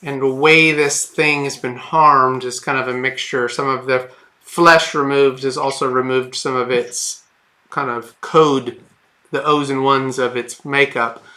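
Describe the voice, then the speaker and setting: A man's voice: mid-range voice, steady tone, a little slow, bright, forceful tone. A man running a tabletop game as game master, narrating in a rambling, hesitant way with many fillers and restarts.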